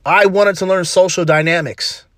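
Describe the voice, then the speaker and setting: A man's voice: high-pitched, fairly even intonation, normal speed, a bit bright, dry recording, clean studio sound. A man hosting a podcast, giving an emphatic, slangy motivational talk full of repeated punchy phrases. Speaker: podcast host.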